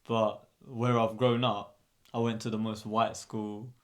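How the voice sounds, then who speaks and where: A man's voice: fairly low pitch, flat delivery, a little slow. A young man from outer co-hosting a podcast in casual, slangy chat, laughing often. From England. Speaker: podcast co-host.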